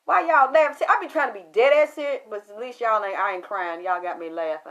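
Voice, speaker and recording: A woman telling a story about a spiritual reading to an audience in a casual, animated way, full of cursing and sudden excited jumps in pitch. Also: fast talker, few pauses. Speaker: spiritual medium recounting a reading.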